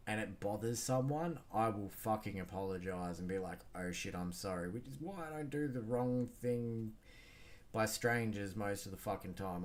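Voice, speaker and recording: An Australian man hosting a solo podcast, talking bluntly and rambling with lots of swearing and fillers. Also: sits low. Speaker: podcast host. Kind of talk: casual solo podcast monologue.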